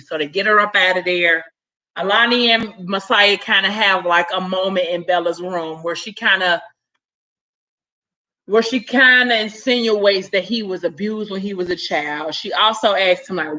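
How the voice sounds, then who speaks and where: Bright-voiced woman retelling a story. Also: mid-range voice, unhurried, low-quality recording. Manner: animated, chatty, slangy retelling with many "like"s. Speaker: vlogger recapping a novel. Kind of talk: casual storytelling recap.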